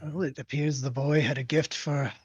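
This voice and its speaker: A man playing a tabletop game, speaking in a thoughtful, measured way. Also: fairly high pitch, steady tone, breathy edge, dull audio. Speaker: player. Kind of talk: tabletop role-play.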